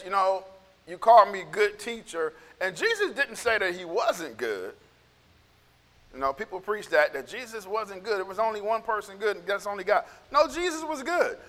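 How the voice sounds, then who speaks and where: Bright-voiced man preaching in a hall. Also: high voice. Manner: conversational, repeats himself, acts out quotes. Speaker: pastor. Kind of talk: casual sermon. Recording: echoey hall.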